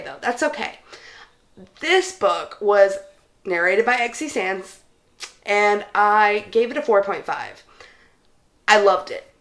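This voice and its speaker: A woman's voice: medium pitch, fairly bright tone. A young woman in a casual, chatty book vlog, talking enthusiastically straight to her viewers. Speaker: book vlogger. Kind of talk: casual book review chat.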